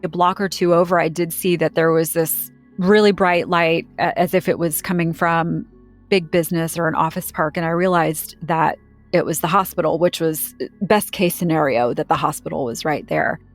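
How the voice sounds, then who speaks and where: A woman's voice: low-pitched, steady tone, moderate pace, soft background music. A woman recounting a frightening personal experience in an interview, speaking earnestly and with emotion, often quoting what others said. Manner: earnest, emotional storytelling with quoted dialogue. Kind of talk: conversational personal account.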